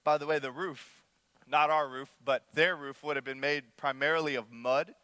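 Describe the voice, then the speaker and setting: A young man preaching a sermon, animated, often acting out the voices of people in the story and speaking straight to the crowd. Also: fairly high pitch, normal speed, clear, resonant tone, no room sound. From United States. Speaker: young adult ministry pastor.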